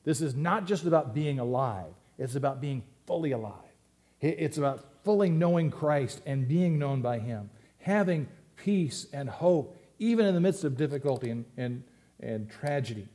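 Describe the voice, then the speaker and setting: A man's voice: mid-range voice, lively intonation, normal speed, mellow. A man preaching a sermon to his church, reading scripture and explaining it in a conversational way with emphatic rises and asides. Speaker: pastor.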